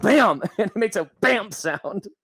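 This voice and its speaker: A man's voice: fairly high pitch, lively intonation, a little fast, a bit bright, dry recording, clean studio sound. A man chatting casually on a live stream, joking and laughing often. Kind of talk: casual chat.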